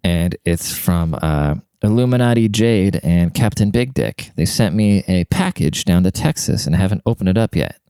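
A man in his thirties talking quietly in a rambling, profane casual monologue, keeping his voice down to a near whisper. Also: low voice, expressive, normal speed, hardly any pauses, smooth, no echo. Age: 30s. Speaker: vlogger.

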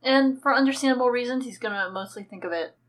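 A woman co-hosting a podcast, chatting in a relaxed, self-deprecating way. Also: fairly high pitch, quick pace. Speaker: podcast co-host. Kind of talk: casual chat.

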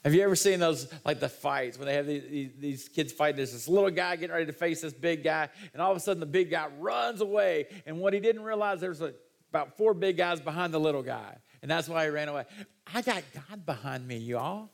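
A man preaching a sermon as pastor, folksy and animated, his voice rising in excited bursts. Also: a little high, fast, creaky.

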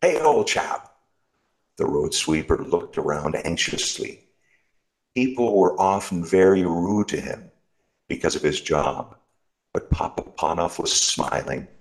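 A man reading a Christmas story aloud in a slow, expressive storytelling manner. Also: deep voice, rough recording.

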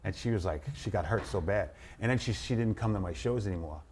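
A man in his sixties, a comedian guest telling stories in an animated way and acting out his bits. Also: lowish voice, quick pace. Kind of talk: casual storytelling.

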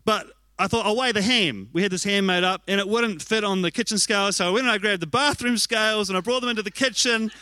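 Bright, animated New pastor. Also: male voice, high-pitched, fast talker, hardly any pauses, smooth, no room sound. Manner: animated, self-mocking storytelling; candid and confessional. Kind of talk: sermon with personal storytelling.

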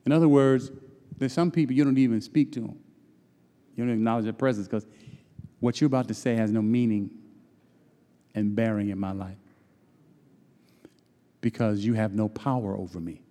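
A man's voice: lowish voice, steady tone, normal speed, long pauses, warm tone. A middle-aged man preaching a sermon in a conversational, teasing way that calls on the congregation to answer back. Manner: conversational, teasing, call-and-response. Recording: long reverb in a large hall.

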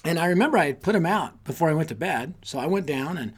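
A man giving an energetic, sermon-style talk to youth leaders, telling stories and rallying them with repeated calls. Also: a little high, quick pace, husky. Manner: energetic storytelling with repetition; exhorting, rallying listeners. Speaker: youth ministry speaker.

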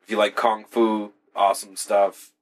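A man's voice: fairly low pitch, little pitch movement, moderate pace. A young man co-hosting a podcast in casual, rambling, profane chat. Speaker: podcast co-host.

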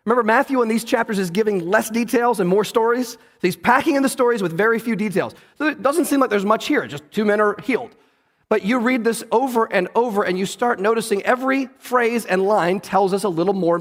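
A man pastor preaching a sermon in a church, earnest and conversational, often turning to the listeners with questions. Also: sits high. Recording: long hall reverb.

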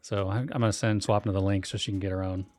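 A man's voice: fairly low pitch, steady tone, quick pace, darkish tone, dry recording. A middle-aged man co-hosting a podcast, chatting easily and laughing often, a week out of sinus surgery. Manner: easygoing, laughs often, rambling. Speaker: podcast co-host. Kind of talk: casual chat.

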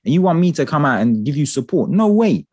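A man in casual political chat, talking with passion, swearing and ranting in an animated way. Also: on the high side, fast talker, no echo, clean studio sound. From England.

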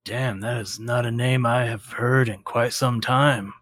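A man's voice: mid-range voice, steady tone, a little slow, fairly bright tone, breathy edge, no echo, clean studio sound. A man voicing a wary old male bar patron in a tabletop game, drawling his lines.

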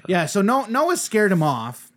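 A man's voice: high voice, wildly swooping pitch, a little slow. A man chatting casually on a podcast, recounting a tabletop game he played, rambling with restarts and frequent laughs. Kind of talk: casual chat.

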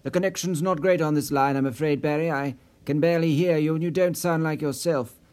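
A man voicing a brusque, insistent man who demands answers, in a lower, firmer voice than his own. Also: steady tone, a little fast, lightly acted. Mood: demanding. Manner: forceful, insistent.

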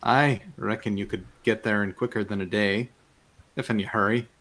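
A man acting as game master and voicing a folksy male fisherman who talks in a slow, homespun drawl. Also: on the low side, steady tone, bright, forceful tone, heavily acted. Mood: cautioning. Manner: drawling, homespun turns of phrase.

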